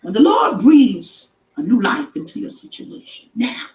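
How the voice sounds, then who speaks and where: A woman preaching encouragement on a live stream in a high voice, hammering points home with repetition and sudden shouted lines. She sounds a little away from the mic in an echoey room. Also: very animated, a little slow, distant mic. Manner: emphatic, repeating, rising to shouts. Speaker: inspirational live-stream host. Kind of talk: preaching-style motivational talk.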